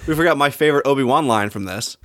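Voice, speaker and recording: A man's voice: medium pitch, animated, fast talker, fairly bright tone, no echo, clean studio sound. A man co-hosting a podcast, giving wry, lightly sarcastic commentary while recapping a movie. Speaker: podcast co-host. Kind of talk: casual movie recap chat.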